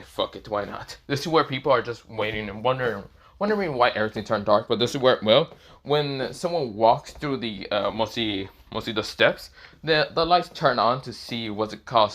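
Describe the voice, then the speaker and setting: A man's voice: medium pitch, normal speed, a bit bright. A young man improvising a fan-fiction story in casual narration. He rambles, leans on fillers, and swears freely.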